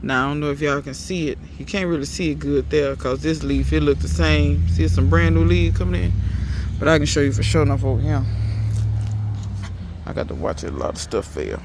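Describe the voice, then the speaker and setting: A man's voice: fairly high pitch, brisk, background noise. A man in a casual gardening vlog, chatty and emphatic, talking to viewers outdoors in his garden. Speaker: home gardener.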